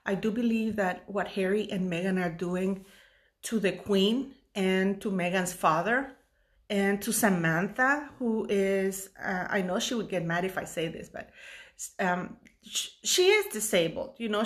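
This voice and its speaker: A woman in her fifties giving a rambling, emotional commentary monologue, tired and full of restarts and fillers. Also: medium pitch. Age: 50s. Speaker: YouTube commentator.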